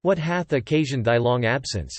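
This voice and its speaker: A wise old preceptor from an ancient epic storybook, read by a man, explaining calmly in archaic English. His voice is mid-pitched and heard close and dry. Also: moderate pace, dry recording, natural voice. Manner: calm, explanatory archaic speech. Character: wise old male preceptor, calm teacher.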